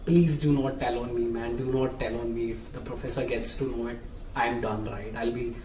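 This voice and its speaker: A man's voice: medium pitch, level tone, pitched below the performer's own voice, close to an everyday voice. A man voicing a flustered young student who stumbles and then pleads for secrecy. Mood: pleading. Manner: halting, pleading. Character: flustered young male student cheating on a project. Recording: roomy, distant mic, faint hiss.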